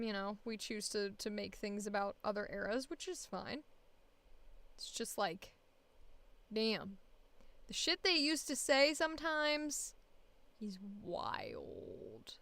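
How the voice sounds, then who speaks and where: A woman's voice: mid-range voice, lively intonation, a little slow, fairly bright tone. A woman voice actor talking casually to herself while recording audition takes, frank and chatty. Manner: frank, chatty, self-critical.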